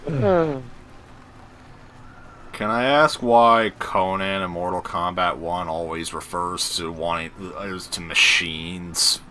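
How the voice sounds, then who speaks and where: Host gamer, low but bright, sharp-edged voice, chatty trivia talker. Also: male voice, slow pace, long pauses, slight background noise. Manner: chatty movie-trivia rambling. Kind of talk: casual gaming voice chat.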